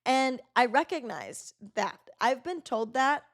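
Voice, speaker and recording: A woman's voice: high-pitched, big pitch swings, takes it slowly. A young woman hosting a podcast, telling a story in loose, chatty talk full of fillers and swearing. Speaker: podcast host. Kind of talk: casual storytelling monologue.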